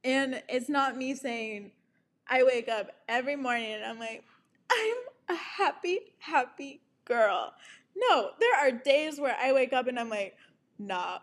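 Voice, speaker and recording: A woman's voice: high voice, normal speed. A woman in her twenties talking candidly to camera about her relationships and self-love, frank and profane, laughing at herself. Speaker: vlogger. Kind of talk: candid personal storytelling to camera.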